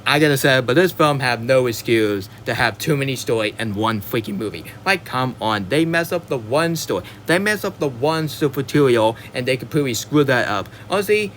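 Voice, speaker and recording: Male movie reviewer, mid-pitched, frustrated rambling rant with lots of stumbles, faint background noise. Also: lively intonation, fairly quick, hardly any pauses, fairly bright tone. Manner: exasperated, rambling, stumbles over words and apologizes. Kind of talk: ranting film review monologue.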